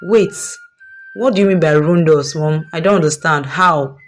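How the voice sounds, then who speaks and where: A woman's voice: low-pitched, normal speed, soft background music, natural voice. A woman voicing a spoiled, entitled young daughter with a haughty, dismissive manner. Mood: alarmed.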